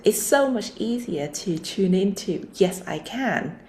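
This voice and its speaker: Mellow, gentle woman co-host. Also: medium pitch, animated, takes it slowly. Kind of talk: reflective conversation.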